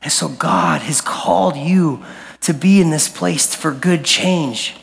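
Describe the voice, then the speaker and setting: A man's voice: a little high, takes it slowly, vocal fry. A male youth pastor preaching a sermon in a casual, slangy way that builds to emphatic peaks. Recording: long reverb of a large hall.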